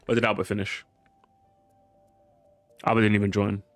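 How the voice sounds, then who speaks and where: A man's voice: lowish voice, level tone, normal speed, no room sound, faint music behind. A man giving casual, jokey gameplay commentary, swearing and pleading with the game as he races. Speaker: gaming YouTuber.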